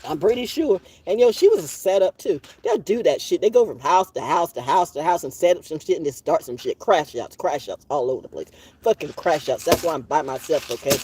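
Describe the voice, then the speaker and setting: A woman telling a long story outdoors in a casual vlog monologue, profane and animated, laughing now and then and coughing from allergies. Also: sits low, brisk, a little hiss or hum. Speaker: vlogger.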